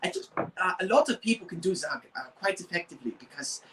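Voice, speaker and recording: A man's voice: high voice, animated, fast talker, fairly bright tone, recorded from a distance, slight background noise, low-quality recording. Rambling young man, off-mic. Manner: rambling, many fillers and restarts. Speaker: model-building video host. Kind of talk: casual chat.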